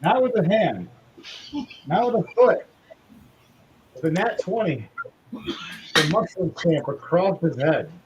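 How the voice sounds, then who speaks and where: A man narrates a tabletop game as game master with animated, lively delivery. His voice sits fairly high. The recording is a little dull, with faint background noise. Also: takes it slowly, pauses often. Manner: animated, laughing storyteller.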